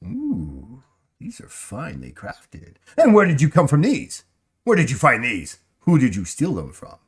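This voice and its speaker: A man's voice: mid-range voice, huge pitch swings, a little slow, breathy edge, heavily acted. A man voicing a short, sly, suspicious male shopkeeper who pries at customers and boasts about his prices. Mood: prying. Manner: wheedling, prying and boastful. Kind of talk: voicing a character in a tabletop game.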